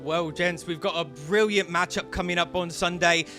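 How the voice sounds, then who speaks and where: A man putting on a genteel gentleman pundit with a bright, high voice. He reads out the numbers in a prim, measured manner. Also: steady tone, faint music behind.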